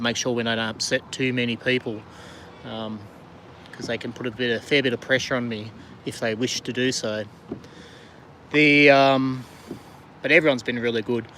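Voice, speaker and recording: A man's voice: mid-range voice, a bit bright, slight background noise. A middle-aged Australian man live-streaming from a kayak on a river, chatting casually and rambling with fillers as he greets viewers. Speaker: vlogger and diver. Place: outdoors on a river kayak in the rain.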